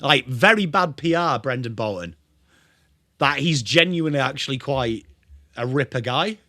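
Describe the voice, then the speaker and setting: Lively English man hosting a footy watchalong. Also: medium pitch, normal speed, dry recording, clean studio sound. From England. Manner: chatty, greets viewers, lively. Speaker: livestream host. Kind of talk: live football watchalong commentary.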